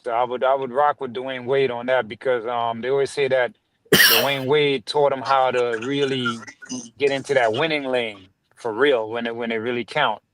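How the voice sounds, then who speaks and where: A man's voice: medium pitch, fairly even intonation, normal speed, fairly bright tone, slight background noise, low-quality recording. A man in a casual sports podcast conversation who talks in a laid-back, slangy way and laughs often.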